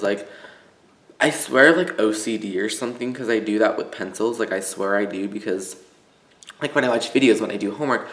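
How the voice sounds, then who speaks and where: A teenage boy from Illinois chats through a casual vlog, his voice sitting a little low and full of "like" and restarts. The room around him gives his voice a noticeable echo. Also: fairly bright tone. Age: teens. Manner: rambling, filler-heavy, full of "like". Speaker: vlogger.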